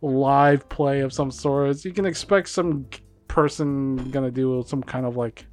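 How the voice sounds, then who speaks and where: A man co-hosts a relaxed podcast chat in a mid-range voice. He rambles through his points, packs them with filler words and laughs often as he talks, with faint music underneath. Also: medium pitch, measured pace. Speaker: podcast co-host. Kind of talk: casual chat.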